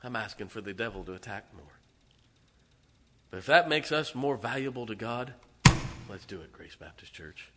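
A man preaching a sermon as pastor, emphatic and laughing between lines, swinging from loud to soft. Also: on the low side, lively intonation, normal speed, pauses often, background noise. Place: large church auditorium. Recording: long hall reverb.

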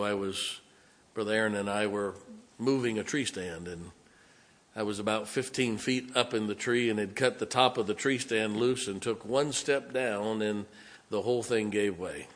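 A man's voice: lowish voice, fairly bright tone. A man, a pastor telling a story in a folksy, conversational sermon. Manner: folksy, conversational, dramatic pauses.

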